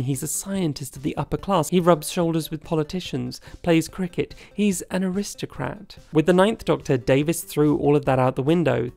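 A man's voice: a little high, creaky, darkish tone. A man narrating a scripted video essay in a chatty, wry, opinionated way.

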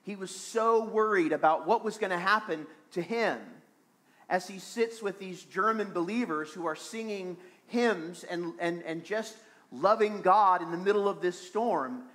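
Man, pastor, earnest sermon, repeats phrases, fairly high voice. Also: unhurried, fairly bright tone. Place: small church.

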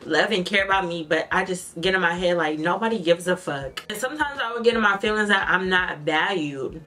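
A young woman vlogger chatting candidly to her viewers while doing her makeup, telling stories in an expressive way. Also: lowish voice, fairly quick. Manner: candid, expressive storytelling, addresses viewers as y'all. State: tearful at times. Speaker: beauty vlogger. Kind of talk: casual get-ready-with-me chat.

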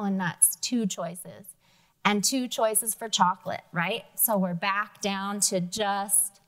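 A woman teacher reading a picture book aloud during a math lesson, expressive and slow, giving the characters their own voices. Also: on the high side.

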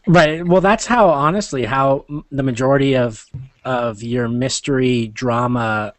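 A man's voice: mid-range voice, measured pace, no echo. A man hosting a casual podcast chat, rambling and restarting his sentences, with frequent chuckles. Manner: rambling, self-interrupting, chuckles often. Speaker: podcast host.

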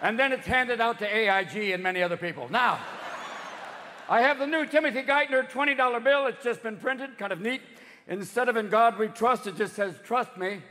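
A man in his fifties doing stand-up comedy, rapid and profane, jumping between voices. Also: very high-pitched, expressive, sharp tone, long reverb tail. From United States. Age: 50s. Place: large theater stage. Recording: live theater show with crowd noise.

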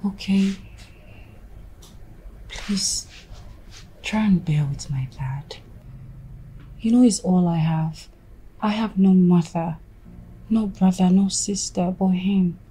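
A woman's voice: medium pitch, steady tone, unhurried, mellow, a little hiss or hum, natural voice. An actress playing a loving young wife with a Nigerian accent, caught between her father and husband, who pleads tenderly. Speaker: wife and daughter. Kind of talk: film drama acting.

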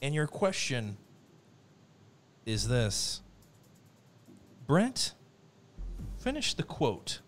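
A man hosts a podcast trivia game with playful, mock-formal announcer flair. His voice sits at an ordinary pitch, and he jokes between the questions. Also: wildly swooping pitch, extremely slow, long pauses, soft background music. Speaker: trivia game show host. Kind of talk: mock game show hosting.

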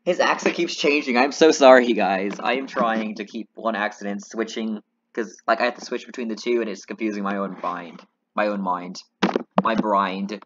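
A man's voice: fairly low pitch, fairly even intonation, normal speed, highs cut off, background noise. A man giving casual, rambling and self-deprecating commentary while playing a game. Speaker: let's play gamer. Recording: synth game music behind. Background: synthesizer music.

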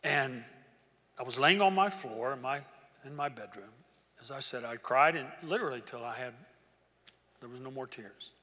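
An older man preaching a sermon as pastor, telling a personal story and swinging from hushed to loud. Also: mid-range voice, normal speed, pauses often, slight background noise. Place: large church auditorium. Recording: reverberant church hall with congregation.

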